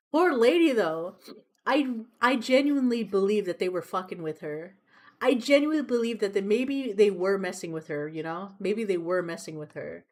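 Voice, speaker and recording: A young woman streams herself drawing and chats casually, wandering from topic to topic, cursing without restraint and laughing at her own stories. Her mid-range voice is expressive, unhurried and a little mellow.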